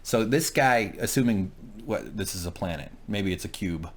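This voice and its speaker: An animated young man recapping a TV episode, his pitch bouncing all over as he jokes and swears. He chats casually and breaks into playful impressions of the characters. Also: normal speed. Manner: animated, profane, acts out scenes in silly voices. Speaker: co-host reviewing a TV episode. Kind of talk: casual review chat.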